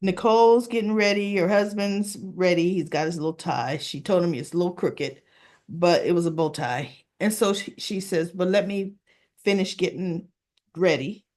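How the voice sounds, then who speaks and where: Lady recapping her soap, chatty, keeps jumping up high to act out the lines. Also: moderate pace. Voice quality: acts out characters' lines in a higher voice, chatty and animated. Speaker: soap opera recap host. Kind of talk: casual chat retelling an episode.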